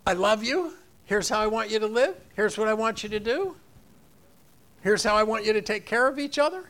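A man preaching a sermon in an animated way, acting out the voices of the people in the story. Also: high-pitched, normal speed. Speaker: pastor.

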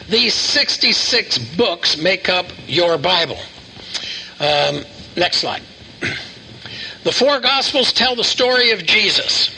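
Bright-voiced older man preaching. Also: sits high, a little hiss or hum, low-quality recording. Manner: folksy storytelling with asides and repeated phrases. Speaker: pastor. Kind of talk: sermon.

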